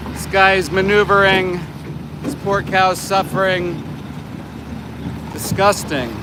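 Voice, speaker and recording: A Canadian man in his forties livestreaming as an animal rights activist outside a slaughterhouse, ranting with indignation and shouting at truck drivers. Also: high-pitched, steady tone, slow pace, pauses often. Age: 40s. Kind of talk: live street vlog. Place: outdoors by a road outside a slaughterhouse. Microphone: phone held while livestreaming. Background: passing trucks and traffic.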